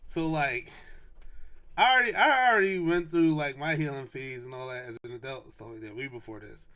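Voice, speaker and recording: A young adult man hosting a podcast, telling a casual story in a slangy, animated way and repeating lines for emphasis. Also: mid-range voice, a little fast. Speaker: podcast host.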